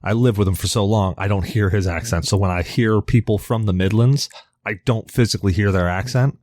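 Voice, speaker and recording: A man's voice: fairly low pitch, brisk, a little mellow, no room sound, clean studio sound. A man co-hosting a podcast in rambling, casual chat, swearing now and then, from the New York area. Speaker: podcast co-host.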